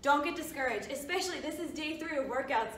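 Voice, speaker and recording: A woman's voice: high-pitched, fast, fairly bright tone, a little hiss or hum. A woman coaching a workout while out of breath, giving encouraging form cues. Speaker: fitness coach. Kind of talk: workout instruction. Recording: echoey room, mic at a distance.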